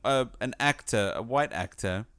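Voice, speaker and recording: A man's voice: medium pitch, normal speed, clear, resonant tone, no echo, clean studio sound. A man co-hosting a podcast in casual chat, joking and laughing often. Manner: animated, laughing, jokey. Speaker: podcast co-host.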